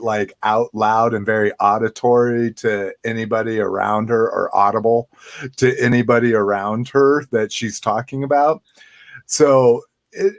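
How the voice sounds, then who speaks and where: A man hosting a podcast, laid-back and quick to laugh, asking his co-host questions. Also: fairly low pitch, no echo, clean studio sound. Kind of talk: casual podcast chat.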